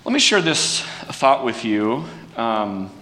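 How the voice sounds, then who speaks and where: Folksy pastor in an echoing hall. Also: male voice, sing-song, takes it slowly, bright, forceful tone. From California. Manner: folksy, self-deprecating, with frequent restarts and fillers. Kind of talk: conversational sermon talk. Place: church sanctuary. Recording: distant mic with long hall reverb and faint rumble.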